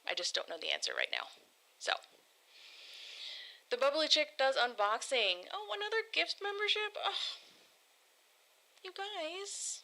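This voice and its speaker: Bubbly, lively woman streamer. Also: high-pitched, moderate pace, creaky, pauses often, low-quality recording. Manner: bubbly, giggly, self-deprecating. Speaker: livestream host. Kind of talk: casual livestream chat reading viewer write-ins. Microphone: desk microphone.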